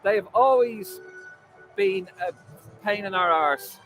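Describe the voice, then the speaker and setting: Chatty high-voiced Irish man streaming. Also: slow, a bit bright, faint music behind, low-quality recording. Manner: chatty, jokey banter, frequent fillers. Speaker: football fan livestream host. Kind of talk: casual live chat reading viewer comments. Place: outdoor football stadium.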